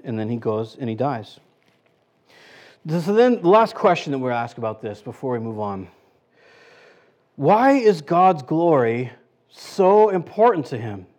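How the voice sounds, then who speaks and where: A man's voice: medium pitch, darkish tone. A man preaching a casual sermon as pastor, chatty, full of rhetorical questions and restarts. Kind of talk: conversational sermon.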